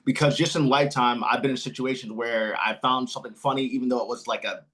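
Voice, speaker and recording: An American man hosting a podcast interview over a video call, talking in a relaxed, hesitant way full of fillers. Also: mid-range voice, quick pace. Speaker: podcast host. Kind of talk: casual interview chat.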